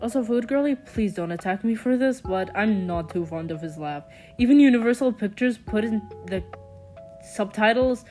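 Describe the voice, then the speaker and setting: A young woman giving a chatty, casual voice-over commentary with quick sarcastic asides. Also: medium pitch, lively intonation, darkish tone, soft background music. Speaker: commentary vlogger.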